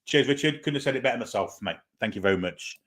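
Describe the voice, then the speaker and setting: An animated man with a medium-pitched, slightly bright voice talks fast. Hosting a live football fan watchalong, he chats casually and commentates before the match, hesitating with lots of fillers and reading viewers' comments aloud before answering.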